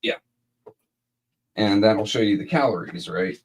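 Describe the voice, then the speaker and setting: A man's voice: lowish voice, animated, a little slow, a little hiss or hum. A man co-hosting a casual live-stream chat, talking bluntly and swearing a lot. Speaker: co-host.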